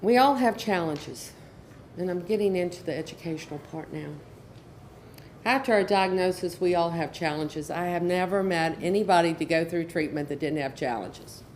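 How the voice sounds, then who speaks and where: An earnest middle-aged woman presents to a conference audience as an educational counselor, restating her main points to drive them home. She speaks at normal speed in a fairly low, darkish voice over faint hiss or hum.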